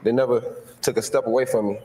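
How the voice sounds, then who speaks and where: A man's voice: mid-range voice, fairly even intonation, fast talker, dark tone. A young man from Florida giving a heartfelt, emotional acceptance speech, talking casually with slang and repeating himself. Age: young adult. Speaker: award winner giving a speech. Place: large hall on a stage. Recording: echoey hall, faint noise.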